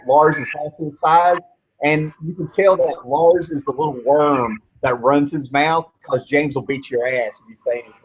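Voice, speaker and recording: A man's voice: fairly high pitch, breathy edge. A man in his thirties hosting a show, telling long, rambling stories in a laid-back way and swearing freely. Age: 30s. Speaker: show host. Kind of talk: casual storytelling chat. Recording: dull lo-fi with faint noise.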